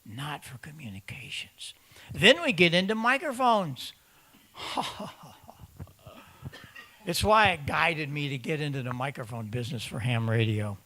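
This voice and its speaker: A man's voice: on the high side, expressive, unhurried, long pauses, sharp tone. A man giving an emphatic conference talk to an audience of ham radio operators, repeating words for stress and acting out the voices of other hams. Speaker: presenter at a ham radio symposium. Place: conference room in front of an audience.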